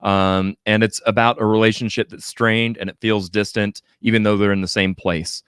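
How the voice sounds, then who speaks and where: A man's voice: lowish voice, little pitch movement, normal speed, a bit bright, clean tone, dry recording, studio quality. A man in his thirties hosting a casual music podcast, talking in a rambling way with lots of fillers. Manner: rambling, filler-heavy, enthusiastic. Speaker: podcast host.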